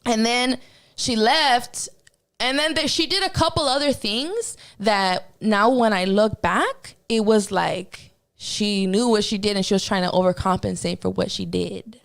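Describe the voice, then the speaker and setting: A woman's voice: medium pitch, a little slow, fairly bright tone. A woman guest on a podcast telling a personal story in casual, profane talk, acting out her own reactions as she goes.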